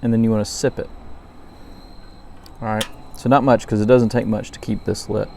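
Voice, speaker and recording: Man from Louisiana, gravelly, mellow dark tone, rambling casual review, crickets behind. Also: fairly low pitch, moderate pace, a little hiss or hum. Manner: relaxed, rambling, frequent ums and self-corrections. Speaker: pipe tobacco reviewer. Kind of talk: casual night-time review vlog.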